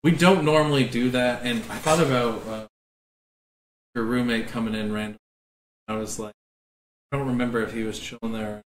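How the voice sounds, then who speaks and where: A man's voice: medium pitch, fairly even intonation, normal speed, long pauses. A laid-back man co-hosts a gaming podcast with slangy enthusiasm. He sits back from the mic, so his voice sounds distant. The room is echoey. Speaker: podcast co-host. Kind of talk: casual chat.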